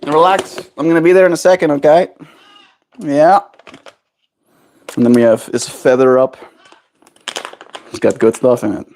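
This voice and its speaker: A man's voice: a little high, normal speed, long pauses, a little mellow, slight background noise. A man streaming casual chat while cooing affectionate baby talk to his pet bird at home.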